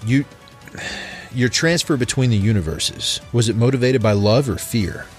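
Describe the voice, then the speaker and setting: A man's voice: mid-range voice, animated, normal speed, soft background music, voice pushed up, natural voice. A man voicing a stern male doorman who snarls and scolds. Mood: scolding.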